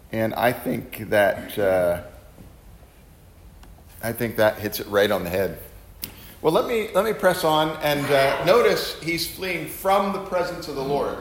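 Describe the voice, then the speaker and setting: A man preaching with earnest emphasis and plenty of rhetorical questions, his pitch rising and falling in a lively, animated way. His voice rings around a very echoey room with faint noise behind. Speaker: pastor teaching. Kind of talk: sermon-style Bible teaching.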